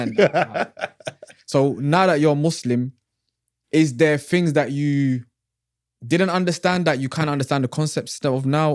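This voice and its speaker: A man hosts an interview in a relaxed, conversational way. His voice sits mid-range, and the sound is dry, with no room to it. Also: medium pitch, dry recording. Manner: relaxed, affirming, soft murmurs of agreement. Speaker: podcast host. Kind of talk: casual interview chat.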